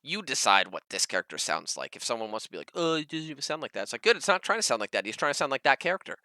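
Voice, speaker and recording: Casual co-host, male, bright and clear, emphatic, dry close mic. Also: rapid-fire, no echo. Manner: animated, emphatic, lively pitch jumps. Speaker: podcast co-host, dungeon master. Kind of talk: casual panel chat.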